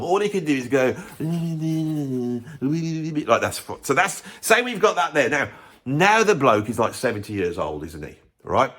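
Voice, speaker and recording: A man, a drummer and music vlogger, giving a sarcastic, animated, opinionated rant to camera. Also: fairly high pitch. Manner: sarcastic, animated, self-mocking.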